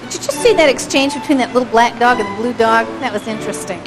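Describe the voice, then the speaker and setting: A woman's voice: fairly high pitch, fast, rough recording. A woman instructor commenting on a home video of dogs at play for a class. She talks in a chatty, engaged way, often asking the audience questions and chuckling. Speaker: dog behavior instructor.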